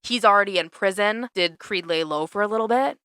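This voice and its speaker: Young woman podcast co-host, bright and clear, dry close mic, relaxed and loose. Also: mid-range voice, brisk, no room sound. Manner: laid-back, swears casually, laughs often. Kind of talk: casual chat.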